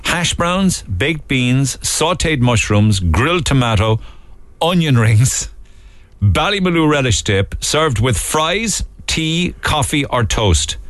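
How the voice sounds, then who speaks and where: A man hosting a radio show, reading out listener messages and menu prices in a lively way. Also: medium pitch, slow pace, no echo. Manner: animated, reads listener messages and menu lists aloud. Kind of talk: casual radio chat. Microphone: studio microphone.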